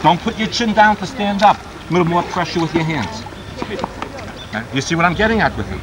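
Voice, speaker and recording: A man teaching a child to swim at a camp pool, giving brisk, commanding directions with bursts of encouragement while explaining his method to watching staff. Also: medium pitch. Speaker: swim instructor. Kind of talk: poolside swim coaching and demonstration. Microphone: camcorder mic. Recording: noisy 1990s camcorder audio.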